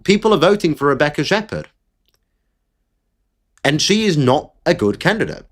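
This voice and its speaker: A man's voice: on the high side, very animated, normal speed. A man giving blunt, exasperated solo political commentary, with the odd swear word. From Britain.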